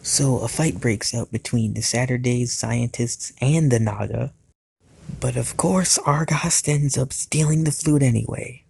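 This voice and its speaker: Man, YouTube recap narration, playful asides, dry close sound, gravelly. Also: medium pitch, dry recording. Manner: playful, with jokey asides to the viewer; grows louder and more animated in the climax. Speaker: YouTube reviewer. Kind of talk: cartoon series recap narration.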